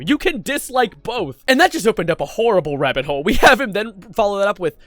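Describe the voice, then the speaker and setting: A man's voice: high-pitched, sing-song, fast, few pauses, fairly bright tone, dry recording. A man commenting on internet drama in a sarcastic, incredulous way, often breaking into laughter. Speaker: YouTube commentator.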